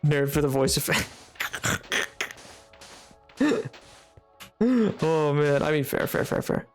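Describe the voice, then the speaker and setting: A man streaming a game, chatting casually into a desk microphone, excitable, laughing often and bursting into exclamations. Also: on the high side, takes it slowly, soft background music. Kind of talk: casual gaming livestream chat.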